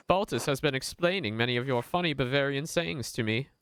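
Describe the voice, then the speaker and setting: A man voicing a courteous male merchant from Italy in a video game, with a measured, formal way of talking. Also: mid-range voice, a bit bright, slight background noise, voice pushed up, close to an everyday voice, low-quality recording. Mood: genial.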